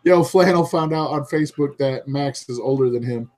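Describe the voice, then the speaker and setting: A man's voice: medium pitch, moderate pace, a little mellow. A man co-hosting a podcast, gossiping and laughing in casual chat. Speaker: podcast co-host.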